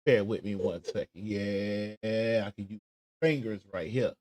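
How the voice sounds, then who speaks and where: A man's voice: lowish voice, a little slow, darkish tone, dry recording. Chatty man hosting a show. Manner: talks himself through searching for a clip, chatty and stalling. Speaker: show host. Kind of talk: casual livestream commentary.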